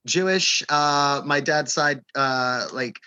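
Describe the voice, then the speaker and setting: A man co-hosting a casual podcast chat, animated and laughing often as he acts out relatives in quoted voices. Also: mid-range voice, moderate pace, dry recording, low-quality recording. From Staten Island, New York. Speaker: podcast co-host.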